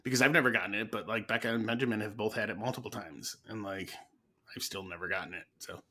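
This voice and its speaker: A man in his thirties with a bright, forward voice tells a story at an easy pace, full of "um" and "like". He sounds relaxed and chatty as a podcast co-host. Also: fairly low pitch, quick pace. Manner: laid-back storytelling with fillers. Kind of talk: casual chat.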